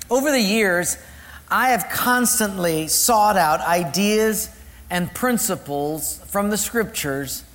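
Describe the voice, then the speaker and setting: A man preaching a sermon as pastor, reading scripture slowly and deliberately and joking with the congregation. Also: high-pitched, fairly bright tone, long reverb tail. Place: church sanctuary.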